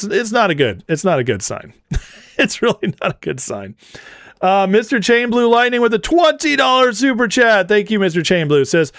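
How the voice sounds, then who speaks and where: A man's voice: mid-range voice, no room sound, studio quality. A man hosting a casual livestream, reading viewer super chats aloud and often breaking into laughter. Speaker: livestream host.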